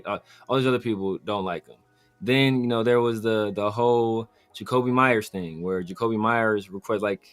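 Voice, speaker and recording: A man hosting a casual sports talk show, telling stories in an animated way and mimicking other people. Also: lowish voice. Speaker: podcast host.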